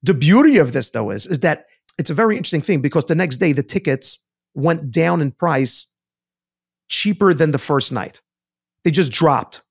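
A man co-hosting a podcast, telling a story in a casual, animated way and often repeating words. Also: a little high, normal speed, creaky, husky. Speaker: podcast co-host. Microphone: studio mic.

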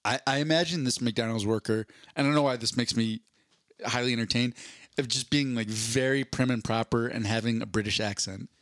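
A man's voice: medium pitch, brisk, a bit bright, dry recording, clean studio sound. A man co-hosting a podcast in casual chat, playful and joking. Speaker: podcast co-host.

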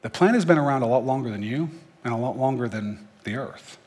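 Guy with a husky voice doing a laid-back bible study, jokey asides, long echo. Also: mid-range voice, expressive, a little fast, a little mellow. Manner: conversational, joking asides. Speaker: Bible teacher. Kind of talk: casual Bible teaching.

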